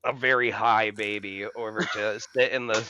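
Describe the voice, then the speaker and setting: A man's voice: fairly low pitch, fairly even intonation, moderate pace, pushed and bright, lo-fi sound, slight background noise. A young man telling a long story in casual podcast chat, swearing freely and laughing as he goes. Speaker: podcast co-host.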